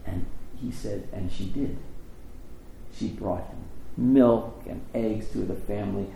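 A man preaching a sermon, telling a story and acting out the quotes with lively rises in his voice. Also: slow pace, vocal fry, slight background noise. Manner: animated storytelling, acting out quotes with rising pitch. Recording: echoey room with faint ambience.

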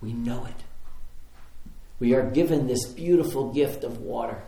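A man who is a pastor, preaching a sermon in an animated, conversational storytelling way with repeated phrases. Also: medium pitch, a little slow, creaky, roomy sound.

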